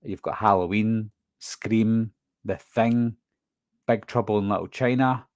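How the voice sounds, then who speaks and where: Here a man with a low-leaning voice speaks slowly, with no room sound in the recording. He's a Scottish horror movie channel host with a toned-down Glaswegian accent, casually going through viewer questions on a live stream and answering each one.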